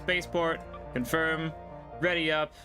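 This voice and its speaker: A man's voice: a little high, unhurried, over music. A man chatting casually while streaming a game live, rambling and thinking aloud at his desk microphone. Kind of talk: casual live gameplay commentary.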